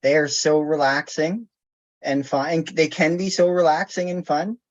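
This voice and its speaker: Guy caller on a video call, kinda high voice, muffled lo-fi sound, chatty and giggly. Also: little pitch movement, moderate pace. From Canada. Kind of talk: casual chat. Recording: dull lo-fi call audio.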